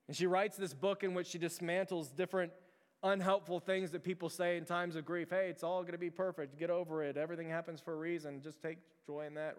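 A man preaching a sermon as pastor, earnest and repetitive, often restarting his phrases. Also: high voice. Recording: long hall reverb.

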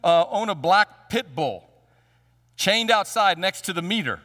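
A preacher doing a squeaky, nervous little man. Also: animated, unhurried, pushed and bright, big-room sound, heavily acted. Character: timid nervous little man in a biker bar.

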